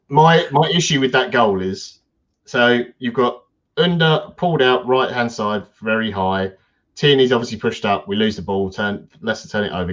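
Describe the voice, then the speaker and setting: Low-voiced man in his thirties. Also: muffled recording. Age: 30s. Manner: blunt, chatty analysis. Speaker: podcast co-host. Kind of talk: casual football chat.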